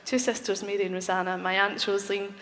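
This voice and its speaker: Lady musician chatting between tunes, bright voice, echoey hall, crowd noise. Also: mid-range voice, little pitch movement, fast. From Glasgow, Scotland. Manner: friendly, chatty, teasing with fillers. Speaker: musician introducing a tune. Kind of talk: live stage banter. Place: concert hall. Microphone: stage microphone. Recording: live hall with crowd and long reverb.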